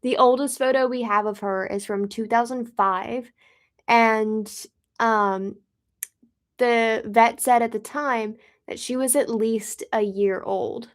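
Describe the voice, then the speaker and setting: Chatty woman, slightly high voice. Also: steady tone, slow pace. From Pensacola, Florida, US. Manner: chatty, rambling storyteller. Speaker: drummer and host of a music channel. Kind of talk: casual chat while tuning drums.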